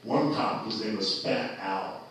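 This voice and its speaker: A man's voice: fairly low pitch, a little slow, a crowd in the background. A man telling a rowdy personal story in casual chat, loose and profane, often laughing as he talks. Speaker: storyteller guest. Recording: very echoey, distant mic.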